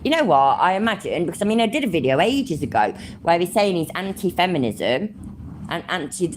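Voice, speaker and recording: Sarcastic woman, lively pitch. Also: a little fast, a little hiss or hum. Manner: sarcastic, swears freely, laughs easily. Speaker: commentary channel host. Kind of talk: casual sarcastic commentary. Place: home.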